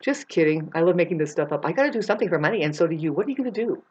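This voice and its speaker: A woman talking in a rambling, meandering monologue, jumping between loud bursts and low mutters and swearing freely. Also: lively intonation, racing, breathy edge. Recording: dull lo-fi sound.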